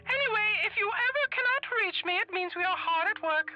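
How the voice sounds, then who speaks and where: A woman's voice: very high voice, animated, brisk, highs cut off. An actress voicing a haughty elderly society chairwoman in a video game, prim and theatrical. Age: older. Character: haughty elderly rich society woman, fussy.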